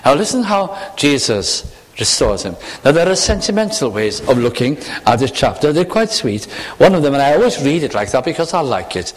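A male preacher delivers a sermon in a lively voice that swoops up and down. He keeps asking the congregation questions. His words hang in a long reverberant hall. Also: on the high side, a little fast. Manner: animated, searching, rhetorical questions to the congregation.

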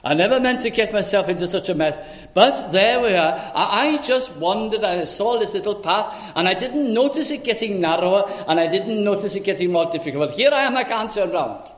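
A man's voice: sits high, animated, a little fast, hardly any pauses, echoey room, voice pushed up. A man voicing a stranded male sheep who talks plaintively and ruefully about his mess.

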